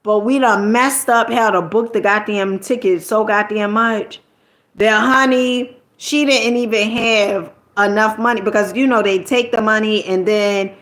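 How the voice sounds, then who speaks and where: A woman's voice: medium pitch, steady tone, a little slow, a bit bright. A middle-aged woman from New Jersey telling a personal story in a casual, colloquial way, tossing in "okay?" and mild swearing.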